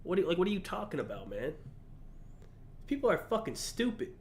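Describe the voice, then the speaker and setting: A man's voice: sits high, big pitch swings, brisk, slight background noise. A man streaming, reacting in casual, blunt, profane commentary, often incredulous.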